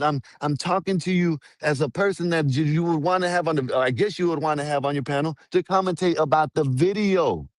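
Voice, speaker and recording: A man with a slightly high voice argues as a guest on a stream. He repeats himself, stumbles over words and stays defensive. His voice sounds dry and close. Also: dry recording. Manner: repetitive, stammering, defensive. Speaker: panel guest on a live stream. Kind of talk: heated argument on a live stream.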